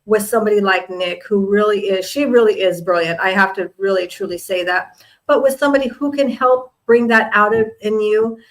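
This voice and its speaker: A woman's voice: medium pitch, brisk, rough recording. Effusive middle-aged woman hosting a live show. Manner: effusive, full of praise, chatty. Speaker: host.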